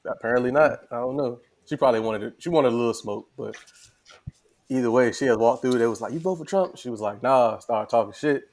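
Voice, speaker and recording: A man's voice: medium pitch, steady tone, fairly quick, darkish tone. A man co-hosting a casual podcast chat, talking in a laid-back, slangy, rambling way. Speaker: podcast co-host.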